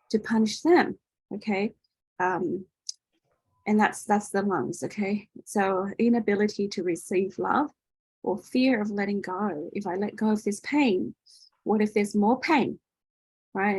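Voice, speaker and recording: A woman leads an online healing workshop in a loose, chatty teaching manner, full of fillers and self-corrections. Her voice is husky and breathy at an everyday middle pitch. The sound is dry and close. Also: a little mellow, dry recording, low-quality recording. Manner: chatty, many fillers and restarts. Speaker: workshop host and energy healer.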